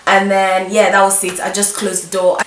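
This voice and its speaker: A young woman telling a mischievous story from her school days in an animated, emphatic way. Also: medium pitch, normal speed, noisy background. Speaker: vlogger. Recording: roomy echo, distant mic.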